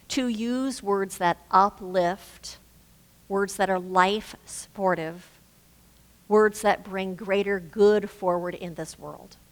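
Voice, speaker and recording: A woman minister giving a gentle, reflective sermon, slowing down to stress key words. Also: mid-range voice. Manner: gentle, reflective, with slow emphatic phrasing. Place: spiritual center sanctuary. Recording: reverberant hall.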